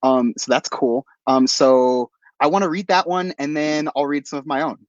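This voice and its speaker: A man's voice: on the high side, normal speed, no echo. A man on a video call at an online open mic, introducing himself with many fillers and then reading a poem. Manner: relaxed, hesitant with many fillers. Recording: dry, dull lo-fi call audio.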